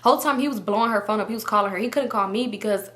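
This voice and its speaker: A young woman vlogger telling a story in casual chat, animated and full of slang and swearing. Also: mid-range voice, racing.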